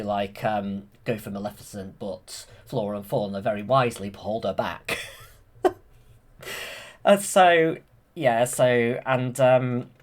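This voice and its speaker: A man hosting his channel, retelling a film from memory with enthusiasm and plenty of fillers and restarts. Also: medium pitch. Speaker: channel host.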